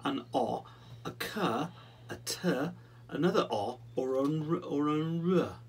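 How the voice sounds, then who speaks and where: A man voicing a matter-of-fact male doctor in a picture book, brisk and knowing. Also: fairly high pitch, breathy edge, far from the mic, full character voice.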